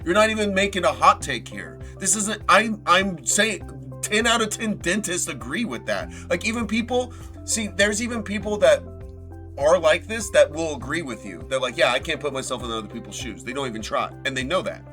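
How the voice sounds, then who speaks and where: Bright, animated male streamer. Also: sits high, normal speed, soft background music. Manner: animated, swings loud and soft, swears casually, jokes with chat. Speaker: livestream host. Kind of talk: casual reading and commentary on a live stream.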